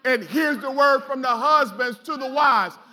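High-voiced man preaching with call-and-response. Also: measured pace, bright, forceful tone. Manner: call-and-response, exhorting and colloquial. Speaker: pastor. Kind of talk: sermon. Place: church sanctuary.

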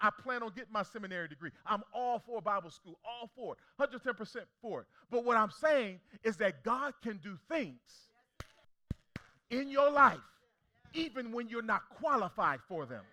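A young male pastor preaching with a high, very bright, ringing voice. He drives points home through repetition and keeps throwing questions out to the congregation. It sounds like a lively sermon delivered from the pulpit. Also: fairly quick, few pauses. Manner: preacherly call-and-response, emphatic repetition.

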